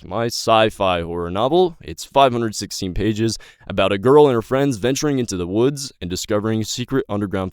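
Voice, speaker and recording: A man's voice: on the low side, clean tone, no echo, studio quality. A nineteen-year-old man giving an impassioned, rambling personal update to his viewers, swearing and stumbling over his words. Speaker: YouTube creator and novelist.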